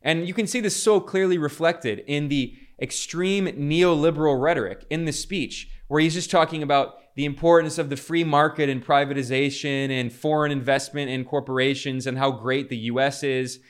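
A man's voice: a little high, fairly even intonation, normal speed, few pauses, smooth. Fervent man giving political commentary. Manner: fervent, critical, frequent restarts. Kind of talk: casual commentary over clips.

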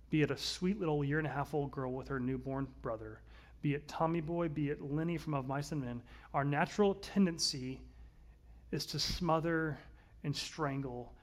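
A man, likely in his thirties, preaching a conversational sermon, earnest, swinging between louder and softer passages. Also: a little high, normal speed. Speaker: pastor.

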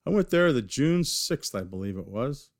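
A man's voice: medium pitch, sing-song, normal speed, a little mellow, no echo, clean studio sound. A man from California, a knifemaker guest, telling long rambling stories in a casual interview, full of fillers and restarts. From California, USA.

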